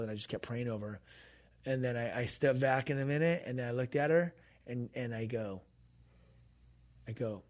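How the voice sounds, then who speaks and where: A man's voice: medium pitch, normal speed, pauses often, a little mellow. A man co-hosting a faith podcast, telling a story in a casual chat and acting out the quoted dialogue. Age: adult, grown pastor's kid. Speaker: podcast co-host and minister.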